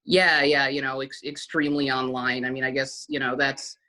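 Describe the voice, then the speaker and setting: Bright-voiced man, halting and full of fillers. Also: mid-range voice, flat delivery, poor audio. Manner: hesitant, many fillers, thinking aloud. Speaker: podcast guest. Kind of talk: casual podcast chat.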